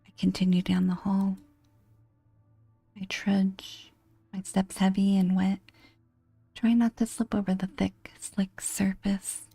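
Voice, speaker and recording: Woman, whispered role-play, hushed horror read, slow, dry. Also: mid-range voice, level tone, vocal fry, no room sound. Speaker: game narrator.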